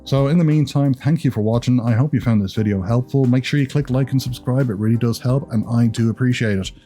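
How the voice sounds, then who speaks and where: A man's voice: mid-range voice, fast, warm tone, faint music behind. A man from Ireland whose Irish accent has been partly Americanized, giving creator tips in a chatty, rambling vlog with self-deprecating jokes. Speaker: YouTube creator. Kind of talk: casual advice vlog.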